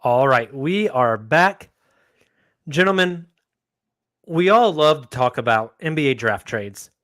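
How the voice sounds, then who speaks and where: A man's voice: mid-range voice, lively intonation, slow, a bit bright, dry recording, clean studio sound. A man hosting a casual sports podcast, upbeat as he steers the panel through topics. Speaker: podcast host.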